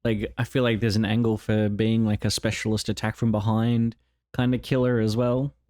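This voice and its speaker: A man with an Australian accent, excitedly breaking down a game trailer and rambling with lots of "like". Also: lowish voice, moderate pace, dry recording, clean studio sound. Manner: enthusiastic, rambling, fond of "like". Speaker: gaming video host.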